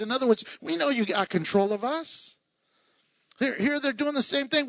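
A man with a high voice preaches a sermon, animated and quick to laugh, acting out the people he reads about. The sound is dry and close, with no room echo. The recording itself is dull and muffled. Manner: animated, laughing asides, acts out the people in the reading. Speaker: pastor.

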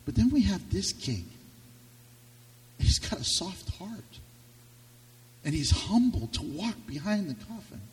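A man preaching a sermon with passion, his voice swinging from loud to hushed. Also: high voice, sing-song, measured pace, pauses often. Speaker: pastor. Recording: reverberant hall, distant mic.

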